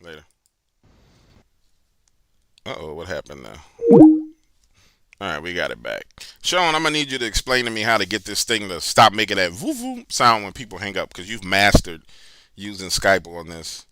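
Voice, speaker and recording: A man with a New Orleans accent hosting a call-in show, chatting casually, swinging from loud bursts to low mutters. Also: big pitch swings, normal speed, pauses often, no echo.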